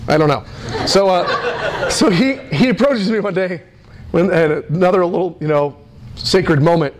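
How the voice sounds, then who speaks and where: A middle-aged American man preaching, telling a story with lots of fillers and restarts in an animated, excitable way. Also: high voice, unhurried, slight background noise. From United States. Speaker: pastor. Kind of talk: sermon storytelling.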